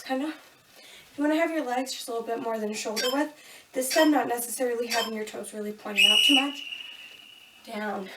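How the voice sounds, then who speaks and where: A woman's voice: a little high, very noisy. A woman fitness instructor giving upbeat, chatty coaching cues during a home kickboxing workout, a bit out of breath. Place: home room. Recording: echoey room from a distance.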